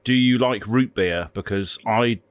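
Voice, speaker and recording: A man's voice: on the low side, measured pace, smooth, no echo. A man co-hosting a podcast, laid-back, giving brief replies and laughing readily. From outside North America. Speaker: podcast co-host. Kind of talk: casual chat.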